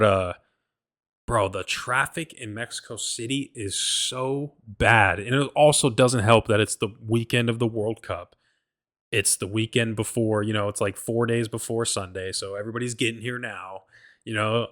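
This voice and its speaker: A man's voice: on the low side, a bit bright. A man hosting his own show, telling a travel story in a casual, slangy, profane way. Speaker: podcast host.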